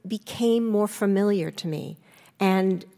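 An older woman, an interview guest, telling her story candidly and acting out remembered lines with lively restarts. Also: unhurried, vocal fry, long reverb tail. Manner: animated, restarts, acts out quotes with rising pitch.

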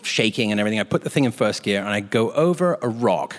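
Animated man telling a comic story. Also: fairly low pitch, fast, big-room sound. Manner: animated storyteller doing voices of others. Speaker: talk show guest. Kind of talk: comic anecdote.

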